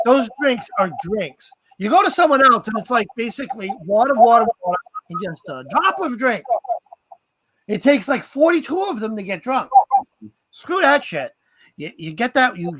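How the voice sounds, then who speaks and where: Lively excitable male host, dry sound. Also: high-pitched, dry recording, poor audio. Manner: excitable, laughs a lot. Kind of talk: casual chat.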